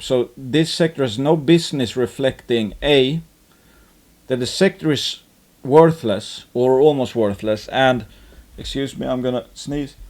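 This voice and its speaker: A man's voice: medium pitch, a little mellow. A man hosting an investing channel, talking through stocks in casual market commentary, full of fillers and restarts. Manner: rambling, many fillers and restarts.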